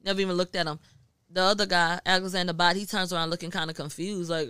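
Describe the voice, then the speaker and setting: A woman from Houston, a guest journalist on a podcast, telling a story in casual, profane, animated chat full of acted-out quotes. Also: on the low side, fast, clear, resonant tone, no echo. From Houston, Texas.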